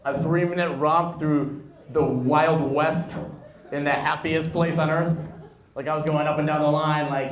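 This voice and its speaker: A man in his twenties doing an animated stand-up set in a bar, jumping into loud high voices for the people he quotes. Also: normal speed. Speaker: stand-up comedian. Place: bar and grill comedy night. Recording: echoey room, stage mic. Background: audience laughter.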